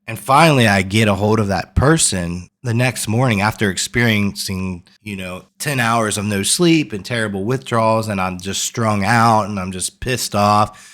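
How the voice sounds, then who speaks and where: Low-voiced man telling a candid story. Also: moderate pace, a bit bright. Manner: earnest, rambling, repeats phrases for emphasis. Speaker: coach. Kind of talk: candid personal story to camera.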